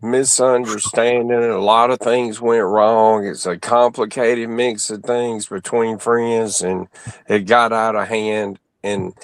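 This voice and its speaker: A man hosts a live stream in an unhurried, easygoing way. He speaks calmly and kindly, and his voice sounds dry and close to the mic. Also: lowish voice, dry recording. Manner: calm, conciliatory. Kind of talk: casual live-stream chat.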